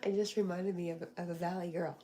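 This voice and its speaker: A woman's voice: fairly low pitch, level tone, fast, over music. A woman hosting a casual livestream, chatting, reading viewer comments aloud and cooing to her dog. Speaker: livestream host.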